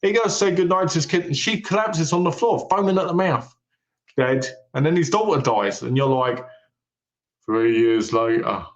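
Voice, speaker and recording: An animated man retelling a film's plot in casual chat and acting out its lines as he goes. His voice sits a little high for a man and carries a roomy echo. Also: fairly quick, highs cut off. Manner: animated storyteller, retells plots with quoted lines. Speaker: podcast co-host. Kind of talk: casual film-review chat.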